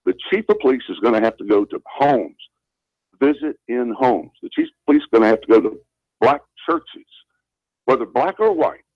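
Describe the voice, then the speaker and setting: An older Southern man speaks in a husky, slightly rough voice, his pitch rising and falling in a lively way as he tells his story. He talks earnestly on a talk radio show and repeats phrases for emphasis. The sound is dry and muffled, like a lo-fi radio broadcast. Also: moderate pace, no room sound. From Southern United States. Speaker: radio show guest, former school principal.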